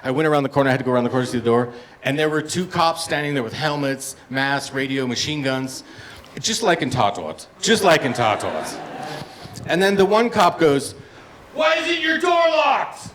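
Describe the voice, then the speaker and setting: 50s guy doing stand-up in a bar, pitch jumps all over, noisy live room with crowd laughs. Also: expressive, brisk. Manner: storytelling, acts out voices, loud punchlines. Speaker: stand-up comedian. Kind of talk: stand-up comedy set. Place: comedy bar stage with live audience. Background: audience laughter and room noise.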